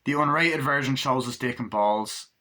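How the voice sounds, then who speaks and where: A man's voice: mid-range voice, normal speed, bright, forceful tone. A man reviewing a movie in a casual, rambling recap, full of "like" and quoted lines. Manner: rambling, retells scenes with lots of "like" and quoted lines.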